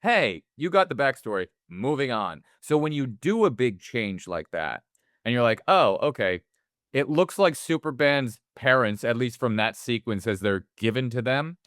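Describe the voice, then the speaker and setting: A man co-hosts a movie podcast in a medium-pitched, fairly bright voice with lively intonation and a moderate pace. The casual film talk rambles along, and he often acts out imagined lines from other people in different voices. The recording is dry and studio quality.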